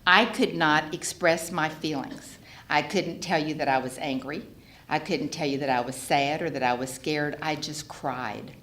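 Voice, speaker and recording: An older woman telling her personal recovery story in an animated way, laughing often as she speaks. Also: sits low, unhurried, a little hiss or hum. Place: meeting hall. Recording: echoey hall, faint ambience.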